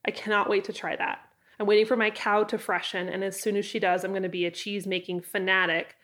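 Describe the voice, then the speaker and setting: A woman's voice: mid-range voice, little pitch movement, brisk, fairly bright tone. A woman vlogger talking casually and enthusiastically about her favorite homesteading books, with a chatty, self-deprecating manner. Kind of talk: casual book recommendations to camera.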